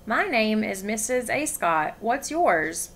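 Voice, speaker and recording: A woman's voice: medium pitch, sing-song, slow pace, fairly bright tone, slight background noise, exaggerated voice. A woman voicing a kindly, stately elderly lady at a formal dinner in a read-aloud story, speaking politely.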